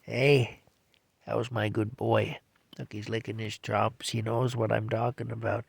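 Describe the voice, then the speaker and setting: An older man chatting casually in a bedtime vlog from his camper, rambling and repeating himself and talking softly to his cat. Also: lowish voice, level tone, a little slow, gravelly, breathy edge, no echo. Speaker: vlogger. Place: small camper in a field, at night.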